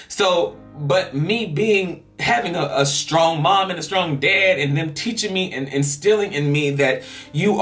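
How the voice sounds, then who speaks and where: A man's voice: sits high, a bit bright. A man giving an earnest, rambling personal monologue as a vlogger, sighing between his thoughts. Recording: somewhat distant mic, faint music.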